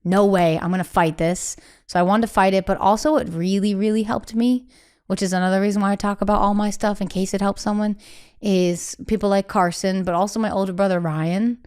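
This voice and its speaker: A young woman as a podcast guest, candidly telling a personal story in quick, emphatic bursts with quoted asides. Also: medium pitch, fairly even intonation, darkish tone, smooth. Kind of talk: candid conversational interview.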